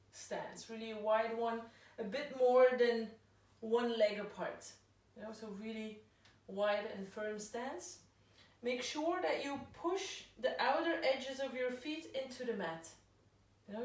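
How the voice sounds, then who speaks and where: A woman yoga instructor guiding a class through slow breath cues. Her voice sits slightly high and she takes her time with each instruction. She is heard from across a big, very reverberant room. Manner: slow, calm cueing of breath and poses. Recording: very echoey room, voice from far off.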